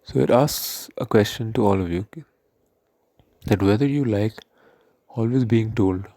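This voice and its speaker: A male teacher with an Indian English accent, explaining a poem in an online English lesson in a slow, careful way. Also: on the low side, mellow, no room sound. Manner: slow, explanatory, reads poem lines aloud.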